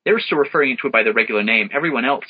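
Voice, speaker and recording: A man's voice: mid-range voice, lively intonation, very fast, slightly rough. A man brainstorming names in a casual chat, thinking aloud and reading out definitions. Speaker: worldbuilding co-creator. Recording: dull lo-fi sound.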